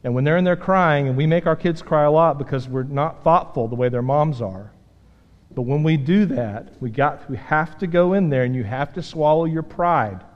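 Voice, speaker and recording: A man preaching a sermon as pastor, earnest and emphatic, dropping from loud points to quiet self-deprecating asides. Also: on the high side, muffled recording. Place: church sanctuary. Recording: long hall reverb.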